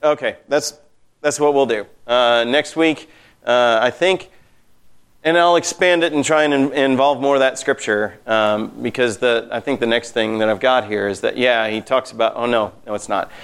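Guy leading a bible class, talks emphatic and lively, keeps saying you know. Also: medium pitch, moderate pace, smooth. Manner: animated, emphatic, with many "you know" fillers. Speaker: Bible study teacher.

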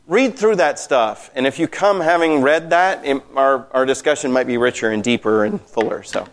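A man teaching a Bible study class, talking in an animated, emphatic way with many fillers. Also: mid-range voice, moderate pace.

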